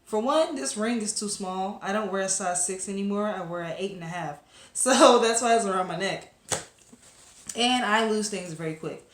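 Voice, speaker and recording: A woman's voice: medium pitch, moderate pace. Chatty woman vlogger in an echoey room. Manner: chatty, rambling with fillers and asides to viewers. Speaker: webcomic reviewer. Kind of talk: casual recap chat to camera.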